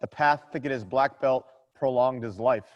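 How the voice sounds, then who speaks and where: A man's voice: mid-range voice, moderate pace, lo-fi sound. A man co-hosting a podcast, talking casually with his guest. He keeps his tone easy and conversational. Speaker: podcast co-host. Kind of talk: casual chat.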